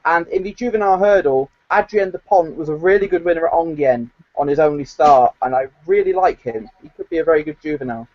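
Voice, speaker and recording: Slightly high-voiced man giving racing tips. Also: quick pace, few pauses. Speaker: co-host tipster. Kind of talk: casual chat. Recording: lo-fi recording.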